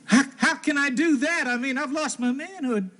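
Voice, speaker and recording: An actor playing a distraught young husband in a hospital bed, in a 1970s TV soap. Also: male voice, very high-pitched, normal speed, pushed and bright. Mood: anxious.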